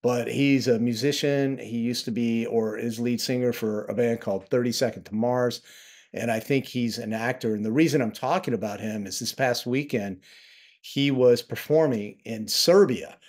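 A man's voice: medium pitch, moderate pace, darkish tone. Male travel vlogger, home office, casual and sarcastic, indignant. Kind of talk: casual to-camera commentary.

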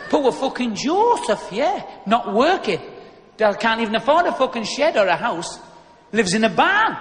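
Stand-up, man, high voice, foul-mouthed punchy routine, live room echo and noise. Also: fairly bright tone. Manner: profane, blunt, punchy delivery. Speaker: stand-up comedian. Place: live venue with an audience. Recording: echoey live hall with background noise.

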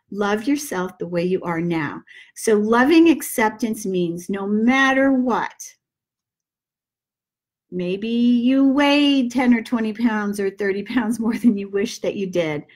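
A middle-aged woman giving a gentle self-help talk, slowly guiding breaths and repeating calming mantras. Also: medium pitch. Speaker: manifesting teacher.

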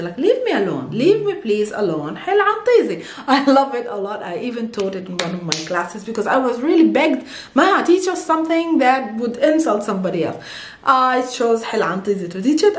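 A woman's voice: on the high side, roomy sound. A woman teaching Arabic expressions in a casual, playful online lesson, laughing often and switching between English and Arabic.

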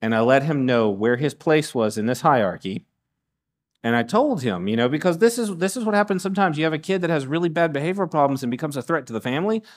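A middle-aged man preaching a sermon in a church in a somewhat higher voice. He talks in an animated way, restarting phrases and acting out little asides to the congregation. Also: fast. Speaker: guest preacher. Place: church sanctuary.

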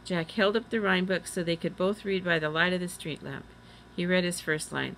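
A woman reading a children's chapter book aloud, doing the children's lines a little higher. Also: steady tone, moderate pace, fairly bright tone, a little hiss or hum, rough recording. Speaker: reader. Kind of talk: storybook read-aloud.

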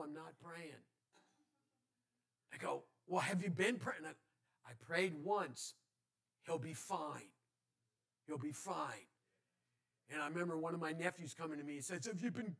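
Pastor guy telling his own story in church, bit high voice, gravelly, loose and chatty. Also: a bit bright. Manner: personal, conversational, many restarts. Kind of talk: sermon storytelling.

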